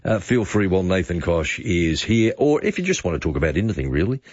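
A man's voice: low voice, sing-song, fairly quick, darkish tone, husky, dry recording, highs cut off. An Australian man hosting talkback radio from a studio, reminiscing with a lot of hesitant fillers. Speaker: radio host.

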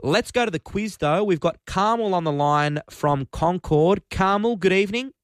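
A man hosting a live radio quiz, upbeat, friendly and brisk. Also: high voice, expressive, dry recording, clean studio sound. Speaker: radio host. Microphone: studio microphone.

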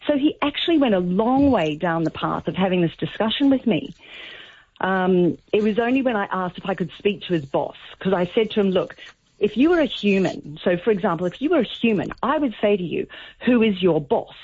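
A woman's voice: medium pitch, animated, a little fast, a little mellow, husky, no echo. Chatty woman on a tinny phone line. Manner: chatty storyteller, acts out quoted dialogue. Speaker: caller. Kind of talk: phone-in radio chat.

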